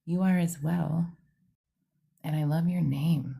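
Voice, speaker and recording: Husky half-whispering woman. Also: sits low, fairly even intonation, slow pace, pauses often, dark tone. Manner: half-whispered, chatty, greets viewers by name. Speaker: psychic medium livestream host. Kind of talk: casual livestream chat. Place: home studio.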